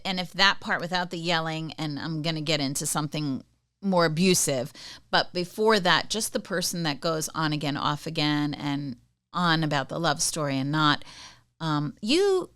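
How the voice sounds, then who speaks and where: A middle-aged woman hosts a podcast in a bright, crisp voice pitched a little low. She chats casually through personal stories and keeps checking in with the listener. The recording is dry and close. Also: animated, measured pace, no echo. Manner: chatty, tells anecdotes, often checks in with "okay?". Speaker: podcast host. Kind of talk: casual advice monologue.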